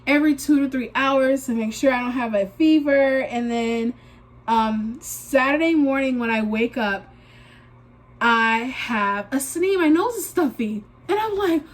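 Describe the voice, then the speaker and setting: A woman's voice: high voice, measured pace. A young woman chatting casually as a beauty vlogger, animatedly telling a story and acting out her own panicked remarks, sounding a bit congested. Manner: uses y'all and filler likes. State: congested, recovering from a sinus infection. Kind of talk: casual get-ready-with-me chat.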